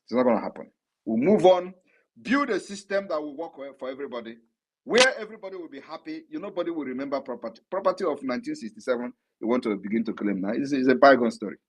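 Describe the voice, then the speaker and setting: A man's voice: mid-range voice, lively intonation, fast talker, low-quality recording. A man answering questions on a live audio broadcast, speaking in an assertive, emphatic way and often repeating his points. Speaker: political leader answering questions.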